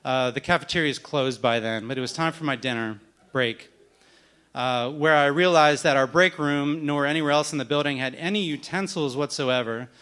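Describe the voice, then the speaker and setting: A man's voice: a little high, moderate pace, fairly bright tone, smooth. A man in his thirties telling a wry, self-deprecating story on stage at a live event, acting out the other people in it.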